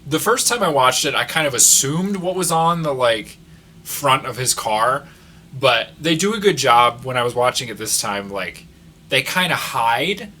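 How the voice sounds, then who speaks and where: A man co-hosting a casual movie podcast, talking in an animated, rambling way full of fillers. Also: mid-range voice, unhurried. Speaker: podcast co-host. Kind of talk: casual chat.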